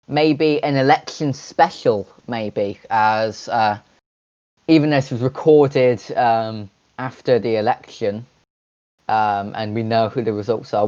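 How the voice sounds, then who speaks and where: A man's voice: medium pitch, a little mellow. Rambly man co-hosting a lo-fi podcast. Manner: halting, many fillers and restarts. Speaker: podcast co-host. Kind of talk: casual podcast chat.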